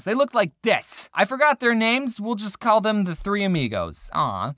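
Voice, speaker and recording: A young adult telling a scripted comic story, with deadpan jokes and sudden dramatic drops in pitch. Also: no room sound, studio quality. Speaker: storytime video creator. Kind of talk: scripted comedic storytime narration.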